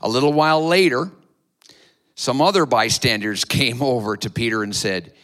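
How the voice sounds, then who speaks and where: A man's voice: mid-range voice, normal speed, a bit bright. A man preaching a sermon to his church, retelling a story dramatically and acting out the voices. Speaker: pastor.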